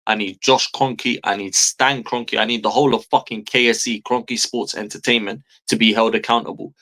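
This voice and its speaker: A man's voice: on the low side, fairly even intonation, normal speed, bright, forceful tone. A man, delivering an exasperated, profanity-heavy fan rant as a football streamer, hammering his points home by repeating phrases. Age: 30s.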